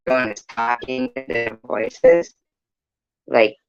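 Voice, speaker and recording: A man's voice: medium pitch, sing-song, takes it slowly, creaky, clear, resonant tone, lo-fi sound, faint music behind. A man hosting a casual live chat room, rambling and blunt, swearing now and then.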